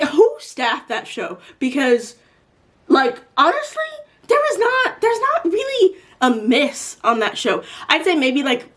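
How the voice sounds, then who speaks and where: A woman's voice: fairly high pitch, fairly bright tone. A woman in her twenties answering viewer questions in a casual, rambling chat full of fillers like "like" and "um". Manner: chatty, rambling with many "like" and "um".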